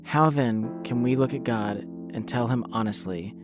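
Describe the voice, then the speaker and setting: A podcast host narrating calmly and reflectively. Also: male voice, medium pitch, normal speed. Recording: narration over clear music.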